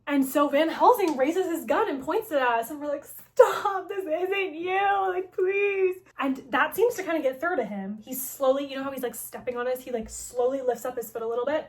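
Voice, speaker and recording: A young woman casually recapping a story game, chatty and joking, filling her speech with "like". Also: sits high. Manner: chatty, heavy use of "like", joking asides.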